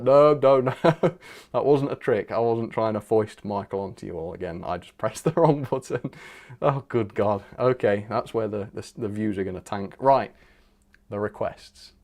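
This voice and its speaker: A man's voice: fairly low pitch, darkish tone. Chuckling man rambling on a live stream. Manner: rambling, chuckling, reading out viewer comments. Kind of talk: casual live stream chat.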